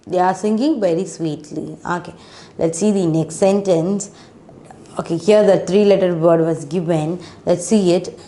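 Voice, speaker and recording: A woman's voice: fairly low pitch, mellow. A woman teaching a children's phonics lesson, spelling out letters one by one and checking in with frequent questions. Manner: patient, spells letters out slowly, asks questions; frequent "isn't it?" and "okay" checks.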